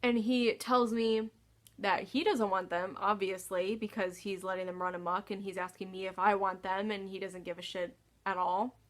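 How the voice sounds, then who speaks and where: Exasperated woman telling a story. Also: mid-range voice. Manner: exasperated, sighing, swears freely. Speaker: storytime vlogger. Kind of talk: casual storytelling.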